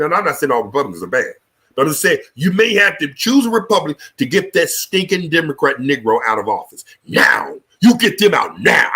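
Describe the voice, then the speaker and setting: Guy ranting on a live show, voice swoops around a lot, kinda high, cusses a lot. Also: pushed and bright. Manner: fiery, profane, preaching. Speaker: show host. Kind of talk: live political talk show rant.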